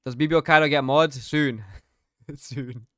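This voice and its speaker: A man's voice: on the high side, fairly even intonation, fairly quick, pushed and bright, clean tone, no echo, clean studio sound. A young man streaming a game, chatting casually, reading out his chat and laughing often. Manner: slangy, reads chat aloud, laughs often.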